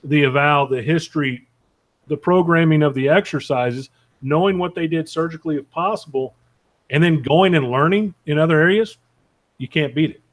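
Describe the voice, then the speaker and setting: A man's voice: a little high, moderate pace, no room sound. Frank, opinionated male co-host, dry sound. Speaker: podcast co-host, sports medicine clinician. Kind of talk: casual panel discussion.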